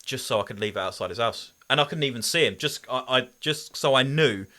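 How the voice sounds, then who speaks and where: A man's voice: medium pitch, animated, fairly quick, pushed and bright. A man, co-hosting a casual podcast, teasing his friend and telling his own stories with dry jokes and swearing. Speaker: podcast co-host. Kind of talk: casual chat.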